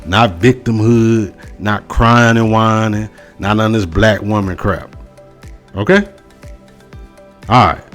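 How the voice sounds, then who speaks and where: A man hosting a sports opinion show, ranting to the camera in a casual, slangy, emphatic way, repeating his points. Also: fairly low pitch. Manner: emphatic, repetitive, slow and forceful on key phrases. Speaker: sports commentary host.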